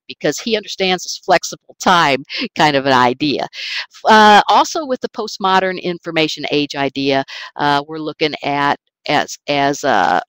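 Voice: mid-range voice, fairly bright tone, no room sound, rough recording. An online course instructor giving a recorded lecture presentation in a conversational way, with informal asides to the class.

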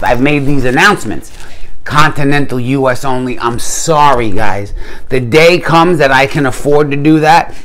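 Dude ranting to his channel, middle-pitched voice, loose and slangy, gets fired up. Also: a bit bright. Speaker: YouTube gear channel host. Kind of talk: casual chat to camera.

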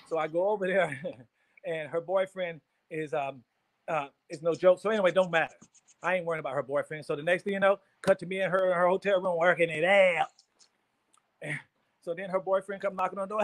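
Fast, high-voiced storytelling man. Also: poor audio. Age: 50s. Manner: lively, profane, laughing storyteller. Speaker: guest actor. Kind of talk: animated storytelling interview.

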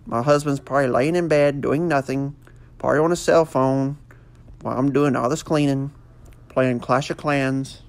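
A man's voice: medium pitch, fairly even intonation, normal speed. A man doing a goofy, rambling comic voiceover full of fillers. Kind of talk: joking mock voiceover.

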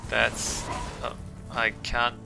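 A man giving calm, musing commentary while playing a video game. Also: mid-range voice, extremely slow, creaky. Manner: calm, musing, talks to himself. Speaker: gameplay streamer. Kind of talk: casual gameplay commentary. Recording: voice over game music.

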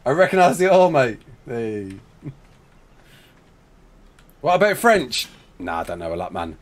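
Speaking a little slowly with big pitch swings in a mid-range voice, this man from the United Kingdom chats casually on a live stream. The British streamer answers viewers' questions, laughs often, and calls people mate.

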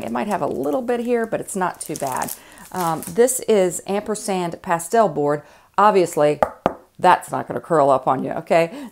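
Chatty Southern woman art teacher. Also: on the low side. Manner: chatty, folksy, many fillers and restarts. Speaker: art instructor. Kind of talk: casual demonstration tutorial.

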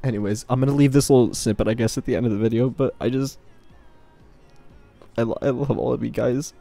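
A young man speaks in a halting, stammering way, his voice choked with emotion as he says goodbye. His pitch sits in an ordinary middle range for a man. Soft music plays faintly underneath. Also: steady tone, creaky, no room sound. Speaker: gaming clan member giving a farewell. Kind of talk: emotional farewell speech.

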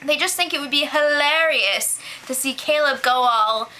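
Woman, high voice, casual recap host, sarcastic, giggly, chatty. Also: bright, forceful tone, a little hiss or hum. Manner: sarcastic, giggly, quick asides. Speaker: host recapping a reality show.

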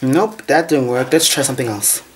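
A man's voice: mid-range voice, moderate pace, slight background noise. A young man chatting playfully in a casual home vlog, with lots of asides and fillers. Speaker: vlogger. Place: room at home.

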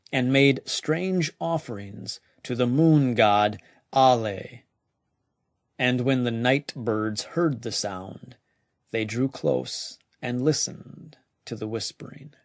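A man narrating a weird tale slowly and deliberately, his voice dropping now and then to a hushed near-whisper. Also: mid-range voice, dry recording, studio quality. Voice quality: gravelly. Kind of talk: slow scripted story narration.

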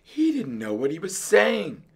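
A man voicing a gentle female mouse, the dentist's wife, soft and concerned. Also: high-pitched, wildly swooping pitch, a little slow, husky, voice pushed up, exaggerated voice.

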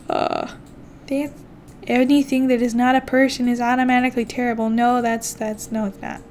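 Young woman, gameplay commentary, playful and chatty, slightly high voice, faint rumble behind. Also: level tone, a little slow, long pauses, a little mellow. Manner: playful, chatty, talks to herself. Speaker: gaming channel host.

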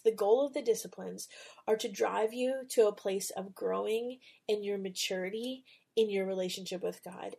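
Mellow-voiced woman hosting a devotional podcast. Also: medium pitch, creaky, slightly rough. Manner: earnest, conversational storytelling. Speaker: podcast host. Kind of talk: devotional talk and spoken prayer.

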